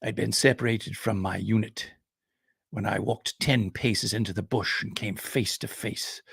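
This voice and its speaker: A man voicing a very old English field marshal who speaks slowly and drily. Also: lowish voice, fairly even intonation, vocal fry, a bit bright, husky, dry recording, heavily acted. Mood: deadpan. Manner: slow, dry, understated. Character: ancient male English field marshal, slow.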